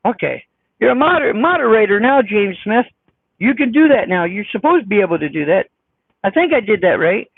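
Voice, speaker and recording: Squeaky high-voiced trucker on a thin line. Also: male voice, big pitch swings, brisk, gravelly, husky, no room sound. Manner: blunt, defensive, folksy. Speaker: trucker vlogger reading live chat. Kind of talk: casual live-stream chat. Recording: dry, phone-like sound.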